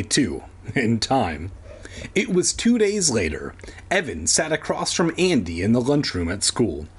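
Reading a kids' book aloud for laughs, a male podcast host speaks in a slightly rough, mid-range voice. He gives the characters their own voices and wanders into sarcastic, profane asides in this comedic read-along.

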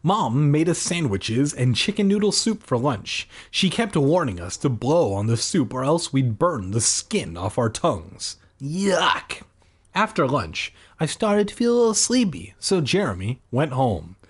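Husky man, lively pitch, comedic book reading, sarcastic asides. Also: measured pace, few pauses. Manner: sarcastic, jokey interruptions. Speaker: reader of a children's book.

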